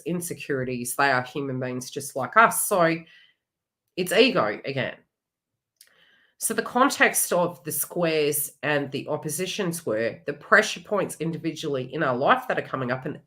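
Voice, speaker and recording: A woman's voice: sits low, bright, forceful tone. A middle-aged woman hosting a live psychic reading, talking in a chatty, blunt and frank way with some mild swearing. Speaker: psychic medium host.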